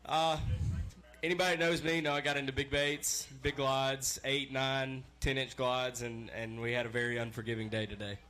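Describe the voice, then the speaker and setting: A man, a tournament angler, chatting casually with the emcee in a quick, plain-spoken way. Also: mid-range voice, flat delivery, bright, forceful tone. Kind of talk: casual chat.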